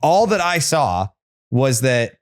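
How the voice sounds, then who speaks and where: A man's voice: mid-range voice, slow pace. Casual sports podcaster, man. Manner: animated, swears freely. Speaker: podcast co-host.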